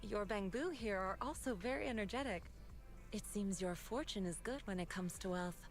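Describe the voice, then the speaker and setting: A woman's voice: mid-range voice, lively intonation, close to an everyday voice. A woman voicing Yixuan, a serene mystic. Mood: composed. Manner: measured, formal and serene. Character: calm composed young woman mystic. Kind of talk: game voice acting. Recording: game audio with faint music.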